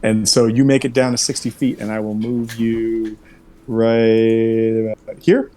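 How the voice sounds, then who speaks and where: A man's voice: mid-range voice, little pitch movement, moderate pace, darkish tone. A man acting as game master for an online tabletop game, talking in an easygoing way with lots of fillers and self-corrections.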